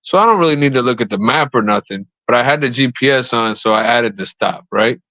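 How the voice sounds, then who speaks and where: A man's voice: mid-range voice, expressive, fairly quick, pushed and bright, dry recording. A man co-hosting a casual podcast, telling rambling stories and swearing casually. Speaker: co-host. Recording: slightly dull, dry mic.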